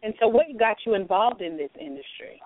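A woman's voice: on the high side, brisk, no room sound. Upbeat woman radio host, phone-thin. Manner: upbeat and encouraging. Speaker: radio talk show host. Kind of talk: interviewing a guest. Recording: dry, phone-like radio sound.

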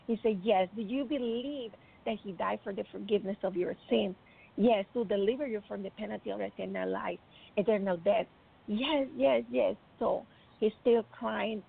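Gravelly woman giving a fervent testimony. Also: medium pitch. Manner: earnest, fervent, with frequent restarts and quoted dialogue. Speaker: Christian testimony speaker. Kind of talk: personal testimony storytelling. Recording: tinny phone-like recording.

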